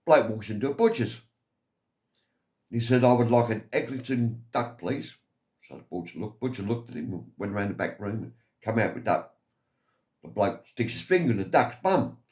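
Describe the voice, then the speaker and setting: Man, English accent, lowish voice, casual yarns, rambling, chuckles as he goes. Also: sing-song, normal speed, long pauses, darkish tone. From England. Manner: rambling, chuckles at his own stories. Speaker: vlogger. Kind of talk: casual anecdotal storytelling.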